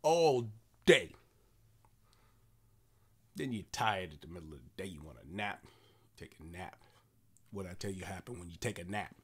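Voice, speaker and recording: A man in his forties, a comedian delivering an animated, repetitive monologue. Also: low voice, brisk, a little hiss or hum. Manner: animated storytelling with repeated phrases.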